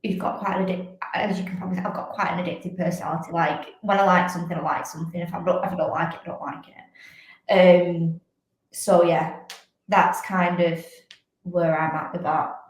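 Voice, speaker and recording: A woman's voice: on the low side, flat delivery, a little fast. A young woman, a fitness coach, talking candidly in a casual chat and filling her speech with "like". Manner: chatty, fills speech with "like". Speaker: podcast guest, fitness coach and athlete. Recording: very echoey room.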